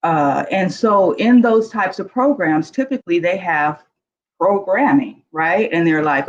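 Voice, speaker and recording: A woman's voice: fairly low pitch, expressive, measured pace. Frank middle-aged woman on a dull call. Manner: frank, earnest, conversational. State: emotional. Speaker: guest panelist. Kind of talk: candid personal storytelling. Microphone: video call.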